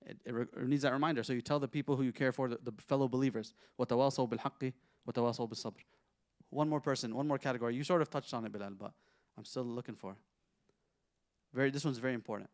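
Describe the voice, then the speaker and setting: A man teaching a Quran class who speaks at a brisk, rapid clip. He keeps the lesson conversational, throwing questions out to his listeners and running through Arabic verses quickly. His voice sits at an ordinary middle pitch. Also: no room sound, studio quality. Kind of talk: interactive religious lesson.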